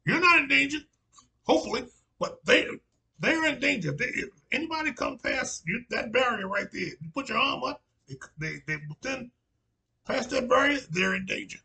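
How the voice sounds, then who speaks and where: A man voicing an old Southern preacher with a Southern US accent, giving stern, repetitive advice loudly. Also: very high-pitched, sing-song, moderate pace, creaky, voice pushed up, full character voice. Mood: emphatic warning. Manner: loud, emphatic, repetitive.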